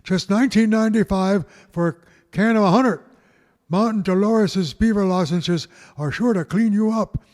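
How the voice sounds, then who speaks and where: A man hams his way through a spoof radio commercial and stumbles over the words. His voice sits high. The studio has a long reverb. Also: moderate pace, a little mellow. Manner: hammy, stumbling, goofy. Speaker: radio co-host. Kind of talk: mock commercial and studio banter.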